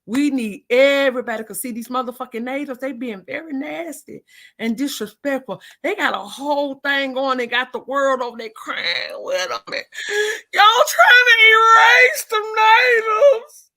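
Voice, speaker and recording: A woman hosting a live chat, cursing heavily and ranting angrily, at times breaking into shouts. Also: high-pitched, moderate pace. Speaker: livestream host. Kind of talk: profane angry ranting chat.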